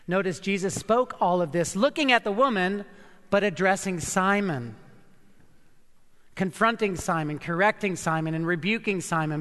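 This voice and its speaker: A fairly high-voiced, bright male pastor preaching an earnest sermon in a slow, deliberate cadence. He leans hard on key words and lets dramatic pauses hang. His voice carries a long reverb, as if filling a large sanctuary.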